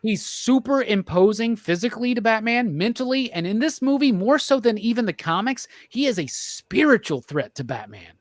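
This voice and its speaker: A man hosting a podcast, talking excitedly and profanely in a rambling film review. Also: high voice, normal speed, hardly any pauses, dry recording, studio quality. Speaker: podcast host. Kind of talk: casual film review chat.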